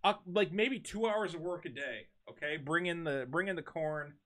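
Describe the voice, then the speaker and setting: High bright-voiced riffing man. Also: moderate pace. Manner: riffing, animated, swears a lot. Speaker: streamer hosting a charity stream. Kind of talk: casual comedic chat.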